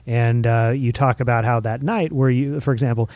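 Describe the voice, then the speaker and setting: A man's voice: medium pitch, steady tone, moderate pace, darkish tone, dry recording. A man interviewing a musician, asking thoughtful, probing questions in an easygoing way.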